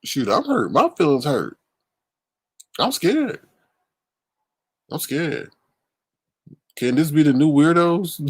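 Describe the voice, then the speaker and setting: A man hosting a live stream, reacting theatrically with drawn-out exclamations and chatting to viewers. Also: a little high, creaky, breathy edge, no echo. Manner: theatrical, reacts loudly with drawn-out ooh and scared cries. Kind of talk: casual live-stream commentary.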